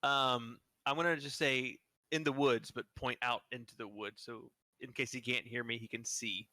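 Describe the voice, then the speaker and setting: Male player, bright and teasing, dry close recording. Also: medium pitch, fairly even intonation, normal speed, dry recording. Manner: joking, laughs often, hesitant fillers. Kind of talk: casual tabletop play.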